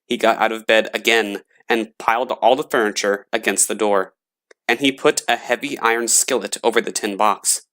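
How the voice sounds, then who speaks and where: A man narrating a scary story in a slow, dramatic reading voice. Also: fairly low pitch, pushed and bright.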